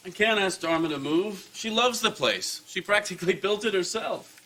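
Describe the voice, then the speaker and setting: Uptight young husband, flustered and earnest, high animated voice, noisy sitcom track. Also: male voice, normal speed, heavily acted. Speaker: groom. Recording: sitcom with background noise.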